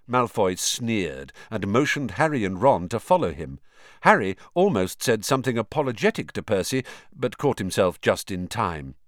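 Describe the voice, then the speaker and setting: Brief: expressive male audiobook narrator, low and animated, dry booth sound. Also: normal speed, dry recording. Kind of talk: scripted narration.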